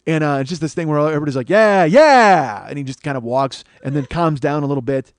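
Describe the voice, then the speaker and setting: A man's voice: on the high side, steady tone, rapid-fire, no room sound. A man in his forties hosting a comedy podcast, telling a profane story and acting out the people in it. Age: 40s. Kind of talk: comic storytelling monologue.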